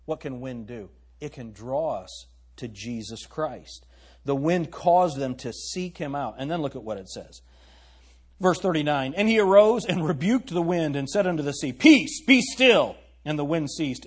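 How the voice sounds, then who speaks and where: A man's voice: mid-range voice, animated, normal speed, darkish tone, slightly rough. A middle-aged man preaching a sermon as pastor, emphatic and often asking the congregation questions.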